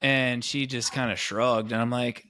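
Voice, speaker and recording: Excitable rambling man on a podcast. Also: medium pitch, measured pace, clear, resonant tone. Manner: enthusiastic, rambling with restarts. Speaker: podcast co-host. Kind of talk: casual chat.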